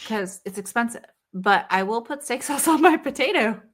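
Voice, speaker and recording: A woman co-hosting a podcast in casual chat, animated and swearing casually with frequent laughter. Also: on the high side, a little fast, hardly any pauses. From not from the South, Southern family. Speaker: podcast co-host.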